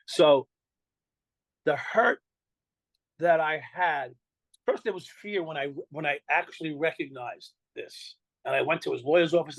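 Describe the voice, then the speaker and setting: An older New Yorker recounts his story in an interview, blunt and freely profane, acting out the things people said to him. His voice is slightly high for a man, and the rough recording is dry and close with no room sound.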